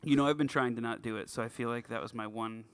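A man's voice: mid-range voice, fast, clear, resonant tone. A man co-hosting a podcast, telling stories in casual chat and jumping into voices as he goes. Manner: animated storyteller, jumps into voices. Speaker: podcast co-host.

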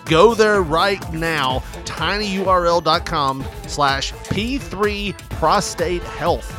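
A man co-hosting a comedic radio ad spot, playful and prone to laughing between retakes. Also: slow pace. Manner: playful, laughing, animated pitch. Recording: music playing behind.

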